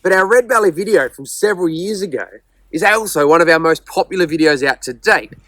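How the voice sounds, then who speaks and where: A man's voice: fairly high pitch, expressive, a little fast, bright, forceful tone, dry recording. Aussie guy presenting a snake video, friendly and instructive, dry close mic. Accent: Australian. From Australia. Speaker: wildlife presenter. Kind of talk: scripted wildlife presentation.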